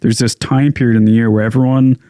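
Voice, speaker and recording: A man's voice: medium pitch, flat delivery, fast, mellow, no room sound, studio quality. A young man with a stuffed-up nose, co-hosting a podcast and chatting enthusiastically. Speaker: podcast co-host. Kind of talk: casual chat. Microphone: studio podcast mic.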